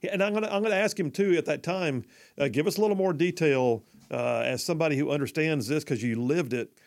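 A man's voice: a little high, a little fast, vocal fry, darkish tone. A middle-aged man hosting live talk radio, rambling with many fillers and restarts.

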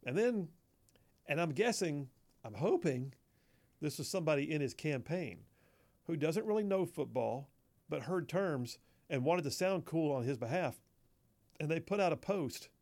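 Gravelly, wry talk radio host. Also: male voice, a little high, expressive, normal speed, long pauses, a little mellow. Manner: wry, chatty, reads listener texts and laughs along. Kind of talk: casual talk radio commentary.

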